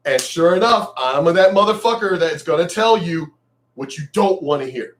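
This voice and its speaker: A man ranting bluntly on his vlog, cursing freely and swinging between loud outbursts and quieter asides. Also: on the high side, animated, normal speed. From United States. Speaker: vlogger.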